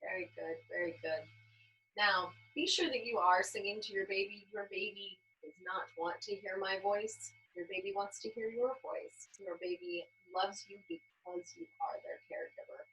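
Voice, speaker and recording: Young woman leading a baby yoga class, bright voice, gentle and encouraging, lots of ums, faint hum behind. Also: mid-range voice, moderate pace, rough recording. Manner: gentle, encouraging, many "um" fillers. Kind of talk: instructional class narration.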